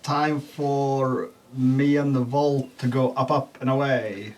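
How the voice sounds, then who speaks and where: A man playing a tabletop game, chatting in a relaxed way with stumbling restarts. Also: mid-range voice, takes it slowly. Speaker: player. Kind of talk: casual tabletop play.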